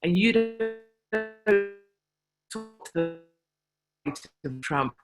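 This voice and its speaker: A woman's voice: mid-range voice, expressive, drawn-out words, loud music behind the voice. A woman with a British accent, giving a chatty, emphatic speech to a live audience as a convention speaker. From Britain. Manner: chatty anecdotal storytelling, emphatic.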